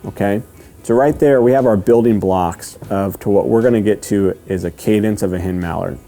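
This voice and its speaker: A man giving a step-by-step lesson, patient and repetitive, often checking in with "okay?" and slowly counting out rhythms. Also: lowish voice, warm tone, faint music behind. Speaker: duck calling instructor. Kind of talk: step-by-step instruction.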